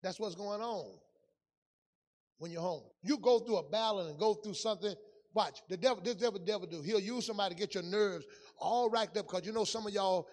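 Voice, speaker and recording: High-voiced pastor preaching in an echoing hall. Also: male voice, fairly quick. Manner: storytelling preacher, swings from loud to hushed, folksy Southern-style grammar. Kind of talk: sermon.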